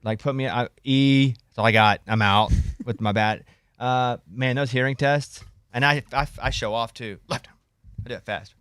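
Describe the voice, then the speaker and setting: Smooth-voiced male radio host. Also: mid-range voice, a bit bright, no room sound. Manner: quick joking storyteller, self-teasing. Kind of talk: casual morning show banter.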